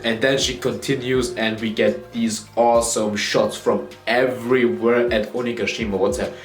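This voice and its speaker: Male reviewer, casual and excitable, acts out lines with his own voice, recorded in a roomy space over soft music. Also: mid-range voice, moderate pace, few pauses. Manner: animated, swearing, acts out character lines. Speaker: manga reviewer.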